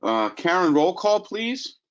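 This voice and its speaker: A man's voice: high-pitched, sing-song, takes it slowly, smooth, lo-fi sound. A man chairing a town council meeting as mayor, speaking formally and politely with an American accent. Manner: formal, courteous.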